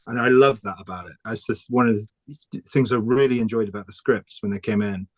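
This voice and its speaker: A man with a low voice talks loosely and warmly about his drawing work, often trailing off and laughing. The recording is dry, with little room sound. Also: brisk, dry recording. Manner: chatty, laughs often, restarts sentences. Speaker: comic artist guest. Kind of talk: casual interview chat.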